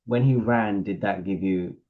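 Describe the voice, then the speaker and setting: A man hosting an interview, calm and probing, asking about spiritual experiences. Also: fairly low pitch, a little slow. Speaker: interview host. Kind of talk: conversational interviewing. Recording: dull lo-fi recording.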